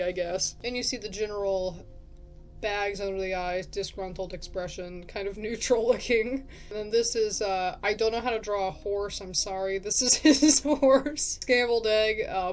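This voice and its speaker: Chatty woman with frequent laughter. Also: medium pitch. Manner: chatty, rambling, laughs often. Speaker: let's play creator. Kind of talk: casual gameplay commentary.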